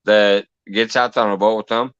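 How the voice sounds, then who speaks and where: A man's voice: on the low side, flat delivery, brisk, fairly bright tone, clear, resonant tone, dry recording, muffled recording. A man hosting a casual live-stream chat, talking his viewers through each step as he sets things up. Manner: chatty, talks through each step while fixing links. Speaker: livestream host.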